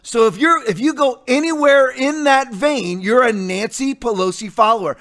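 A man's voice: very high voice, animated, normal speed, hardly any pauses, a bit bright. A man preaching as a pastor in a blunt, defiant rant, repeating his points for emphasis. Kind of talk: combative sermon rant.

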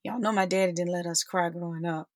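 A woman's voice: lowish voice, steady tone, fast, a little mellow, no echo. A woman in her forties telling a personal story as a podcast host, heartfelt and talking straight to her listeners. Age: 40s. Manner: heartfelt, addresses listeners as sisters and y'all.

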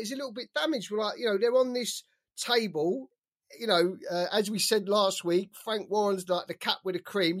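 A British man co-hosting a boxing chat, excitable, swearing and saying "like" a lot. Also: sits high. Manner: excitable, swears freely, many fillers like "like". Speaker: boxing podcast co-host. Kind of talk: casual chat.

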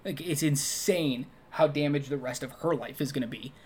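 Animated man reviewing a film casually. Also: moderate pace, slightly rough. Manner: animated, acts out quoted lines in high voices. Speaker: podcast co-host. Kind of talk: casual movie review chat.

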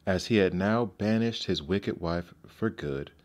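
A man narrating classic fairy tales aloud in a measured, gentle storybook manner. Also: deep voice.

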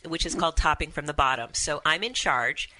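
A woman's voice: low-pitched, brisk, pushed and bright, a little hiss or hum. A woman in casual conversation, telling a personal story candidly and animatedly, acting out quotes. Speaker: podcast guest storyteller. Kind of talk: casual chat.

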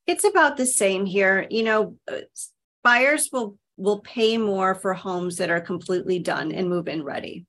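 A woman's voice: medium pitch, normal speed, fairly bright tone. Chatty woman explaining the housing market. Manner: chatty, explanatory, many "you know" fillers. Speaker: real estate agent. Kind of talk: casual panel conversation.

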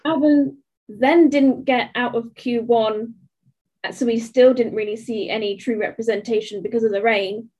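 High-voiced woman chatting on a podcast. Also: steady tone, moderate pace, darkish tone, husky. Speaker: podcast co-host. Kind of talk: casual chat.

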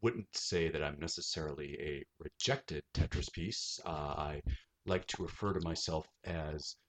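A man playing a bitter, deadpan rejected puzzle piece in an improvised comedy podcast bit, with a wounded, self-pitying manner. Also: rumbling low, a little slow, background noise. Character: bitter rejected male Tetris piece shaped like pi.

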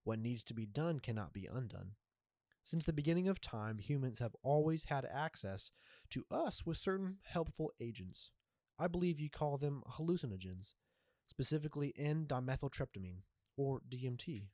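A man voicing a calm, cryptic male jaguar spirit who speaks slowly and softly in a storybook reading. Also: medium pitch, dry recording, clean studio sound, natural voice. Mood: solemn. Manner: slow, deliberate and soft-spoken.

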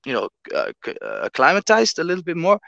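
A man's voice: on the high side, fast talker, creaky, no room sound, highs cut off. Emphatic, swearing man in casual chat. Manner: animated, emphatic, swears freely.

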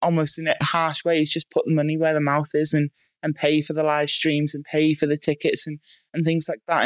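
A woman's voice: low voice, dry recording. Frank, plain-spoken woman athlete guest, dry close sound. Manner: frank, lots of "um" and "like". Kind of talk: casual interview answers.

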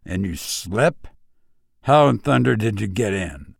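A man reading a story aloud, voicing an excitable, superstitious old country man with a folksy drawl. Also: fairly low pitch, measured pace, vocal fry, breathy edge, no room sound, studio quality, full character voice. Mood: excited. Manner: folksy country dialect, quavering.

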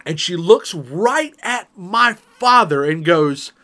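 A man's voice: high voice, lively intonation, takes it slowly, bright, forceful tone. A man on a casual podcast telling a family story, acting out the quotes and laughing often.

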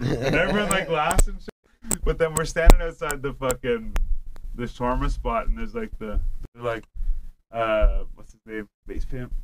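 A man's voice: mid-range voice, a little slow, fairly bright tone, a little hiss or hum, low-quality recording. A young man, telling stories in a rambling casual chat with friends, packing his talk with filler words and swearing. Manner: rambling storytelling, heavy "like" filler, frequent swearing.

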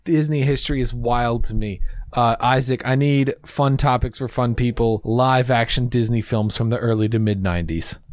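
A man hosting a podcast in casual chat, wry and quick to laugh while reading out facts. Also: mid-range voice, no room sound. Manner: wry, reads out lists, laughs often. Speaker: podcast host.

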